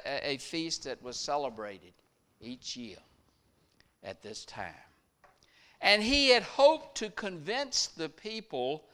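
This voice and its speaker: A man preaching a sermon, retelling a story with dramatic rises and drops in loudness. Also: high voice, clear, resonant tone.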